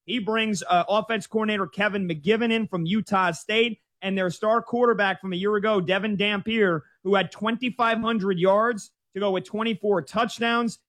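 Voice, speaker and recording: A man with a high-pitched voice hosts a college football betting preview. He moves briskly through records, names and point spreads before passing the question to his co-host. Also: fairly even intonation, fairly bright tone. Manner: brisk, stat-heavy rundown. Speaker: sports show host. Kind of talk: sports betting preview chat.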